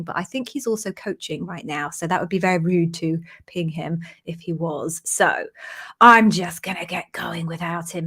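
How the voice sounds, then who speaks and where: A woman's voice: lowish voice, a bit bright. An Englishwoman with an English accent hosting a casual livestream from home, chatty and self-deprecating with jokey asides. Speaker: livestream host, interview coach. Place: home near London.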